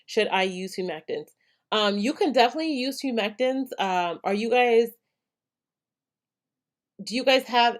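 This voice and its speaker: A young adult woman from El Paso, Texas, hosting a hair care live stream, reading viewer comments and answering in a chatty way, with many ums. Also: mid-range voice. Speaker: hair care channel host.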